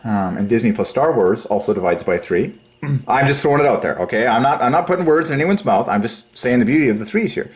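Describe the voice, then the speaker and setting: A man hosting a religious channel, rambling through a numerology monologue, excitable and giggly, then dropping to low quiet mumbling while he counts. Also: quick pace. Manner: giggly, excitable, breaks into high laughs. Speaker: religious YouTube channel host.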